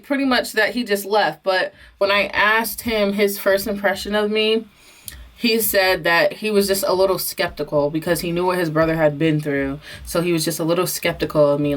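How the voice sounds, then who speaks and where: A young woman vlogger telling a casual, bubbly story about meeting her husband's family, full of fillers and quick asides. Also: lowish voice. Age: young adult. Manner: bubbly, animated, many fillers.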